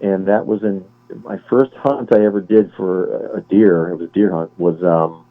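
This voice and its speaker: A man in his forties from Cleveland, a guest on an interview, talking in a relaxed, chatty way and often correcting himself. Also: low-pitched, normal speed. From Cleveland, Ohio. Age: 40s. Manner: relaxed, chatty, laughs easily, self-correcting. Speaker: guest, former Navy sniper. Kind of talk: casual interview chat. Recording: tinny phone-line audio.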